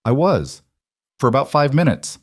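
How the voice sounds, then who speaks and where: A man's voice: mid-range voice, big pitch swings, normal speed, dry recording, pitched above the performer's own voice. A man playing Elias, a weary but devoted former lawman and husband in a western storybook, speaking steadily and solemnly. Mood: steady.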